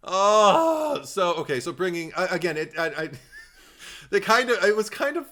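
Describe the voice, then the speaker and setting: A man co-hosting a podcast in casual chat, animated, laughing often and restarting his sentences. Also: high-pitched, normal speed. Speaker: podcast co-host.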